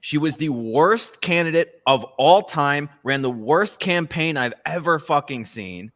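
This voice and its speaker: Male podcast host, mocking and profane, somewhat high voice. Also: animated, a little slow, fairly bright tone. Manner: profane, mocking, laughing often. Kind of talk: casual chat.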